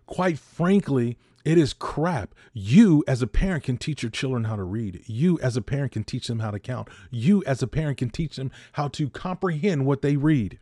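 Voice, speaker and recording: A man's voice: medium pitch, moderate pace, hardly any pauses, warm tone, no room sound, clean studio sound. A man in his fifties hosting a podcast, delivering a heated opinion monologue that repeats points for emphasis. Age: 50s. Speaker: podcast host.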